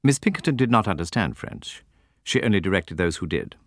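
A man with a low voice narrates a classic novel, measured and expressive. His pitch moves a great deal from line to line. The recording is dry and close, with no room sound. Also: dry recording. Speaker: audiobook narrator.

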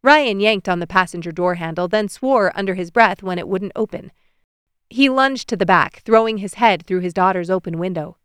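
A woman reads an audiobook evenly and with measured pacing, her voice smooth, clear, and mid-pitched. The recording is close and dry, free of room sound or echo.

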